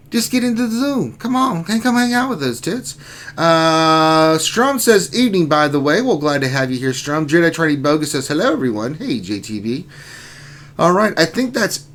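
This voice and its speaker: A man's voice: on the high side, fairly bright tone. A man hosting a casual livestream, reading out chat names and mock-groaning about his luck. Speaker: stream host.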